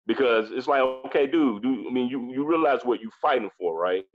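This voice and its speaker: A man's voice: medium pitch, fairly quick, dull audio. A man in his forties, a guest in a casual discussion, talking emphatically with frequent profanity and repeating phrases as he thinks aloud. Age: 40s.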